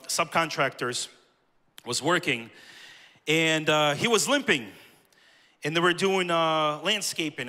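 A man's voice: a little high, bright, forceful tone, long reverb tail. A man preaching a sermon to his church, telling personal stories and speaking directly to the congregation. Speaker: pastor. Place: church sanctuary.

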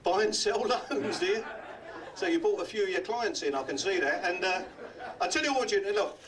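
An older man from London doing a comedy magic act in a hotel function room, chatty and teasing the audience with quick gags. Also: high voice, expressive, recorded from a distance, crowd noise. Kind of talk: live club comedy act.

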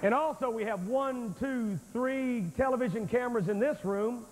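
A man with an extremely high voice preaches a revival sermon at a moderate pace to thousands in a large church sanctuary, folksy and emphatic as he addresses the crowd directly. The recording comes from an old VHS tape of a reverberant hall, with background noise.

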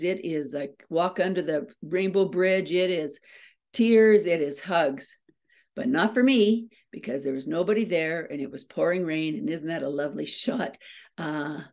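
Woman motivational speaker, middle-aged, quick and self-mocking, lowish voice. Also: darkish tone. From Canada. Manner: fast, self-deprecating, laughs often. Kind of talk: storytelling keynote talk.

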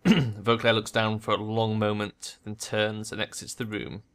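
A man's voice: lowish voice, completely flat delivery, unhurried, fairly bright tone, clear, resonant tone. A man narrating a game playthrough, reading the text aloud with casual, jokey asides. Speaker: let's play narrator.

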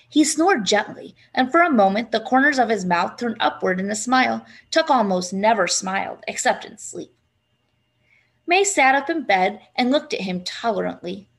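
A woman reading a children's novel aloud in a steady, measured way. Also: mid-range voice, creaky. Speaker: reader.

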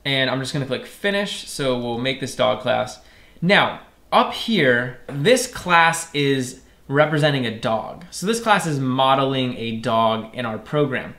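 A man's voice: medium pitch, lively intonation, a little slow, fairly bright tone, roomy sound. A man teaching a programming tutorial, explaining each step plainly and often checking in with "right?". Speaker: programming instructor. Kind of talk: screen-recorded coding tutorial.

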